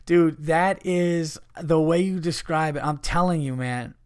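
A man hosting a podcast, reading listener stories aloud and breaking into loud, laughing, profane riffs. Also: a little high, a little slow, clean tone, no echo, studio quality. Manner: loud animated riffing between readings, swearing and laughing. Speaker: podcast host.

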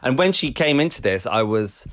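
A man's voice: medium pitch, sing-song, moderate pace, a bit bright. A man co-hosting a podcast, chatting casually, laughing often and restarting his sentences. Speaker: podcast co-host. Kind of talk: casual chat.

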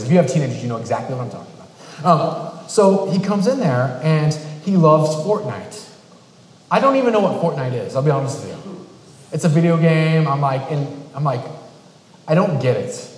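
A man preaching a sermon in a conversational, storytelling way, slipping into quoted voices to tell a family story. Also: on the high side. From New England. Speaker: pastor. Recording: echoey hall with long reverb.

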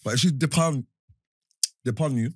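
A man talking in a casual chat, animated, his voice jumping high when he gets excited. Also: moderate pace, dry recording, studio quality.

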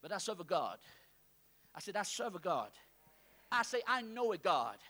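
A male pastor preaching a call-and-response sermon to a church congregation, swinging between soft asides and shouting. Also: high-pitched, very animated, normal speed.

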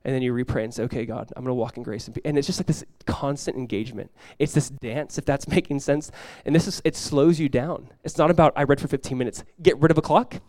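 A male pastor preaching in a conversational sermon style, dropping to a hushed voice when acting out prayers. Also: fairly high pitch, quick pace, few pauses, no room sound, studio quality.

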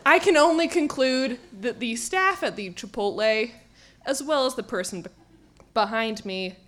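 A woman's voice: a little high, lively intonation, moderate pace, a bit bright, a little hiss or hum. A woman telling a funny personal story on stage at a live event, self-mocking and often laughing through her words.

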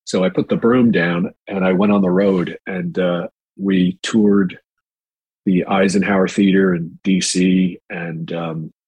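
A man in his sixties from New York, an actor telling his life story in a relaxed, rambling way with many fillers. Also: sits low, measured pace, husky, no room sound, muffled recording. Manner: relaxed, rambling with fillers, mimics quoted voices. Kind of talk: storytelling in a casual interview.

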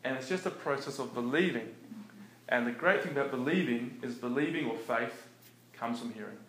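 A man preaching in a relaxed, conversational way, often chuckling between his points. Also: medium pitch, fairly quick. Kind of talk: conversational sermon. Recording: echoey room with faint background noise.

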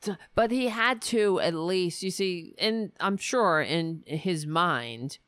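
A woman's voice: lowish voice, animated, takes it slowly, a bit bright, dry recording. A woman hosting a political commentary show, ranting in a sarcastic, profane, exasperated way.

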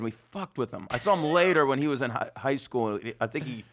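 A man hosting a podcast, telling rambling, foul-mouthed stories in casual chat, his voice slightly hoarse. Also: mid-range voice, animated, a little fast, fairly bright tone. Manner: rambling storyteller, swears freely, laughs often. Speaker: podcast host.

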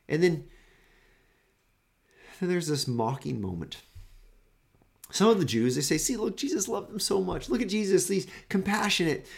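A man's voice: medium pitch, gravelly, a little mellow. Earnest male pastor giving a devotional. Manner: earnest, with frequent restarts and repeated words. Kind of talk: devotional sermon.

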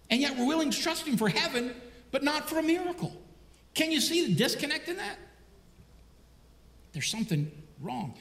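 A man preaching a sermon, talking in a lively, conversational way and throwing out rhetorical questions. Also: sits high. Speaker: pastor. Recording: echoey hall.

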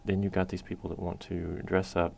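A man's voice: sits low, little pitch movement, fairly quick, gravelly, a little mellow. A man co-hosting a podcast, telling a rambling story with crude jokes and lots of fillers. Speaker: podcast co-host. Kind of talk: casual chat.

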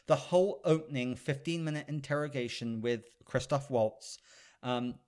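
A man's voice: mid-range voice, normal speed, darkish tone. Male podcast co-host, easygoing chatty delivery, mid-range voice, rambles eagerly. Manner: rambling and enthusiastic, hedging with fillers. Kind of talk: casual chat.

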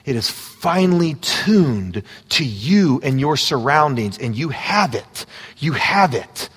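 A man preaching a sermon, moving between quiet, intimate asides and loud, fervent exhortation. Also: medium pitch, very animated, slow, slightly rough, in a large hall. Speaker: pastor. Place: church sanctuary.

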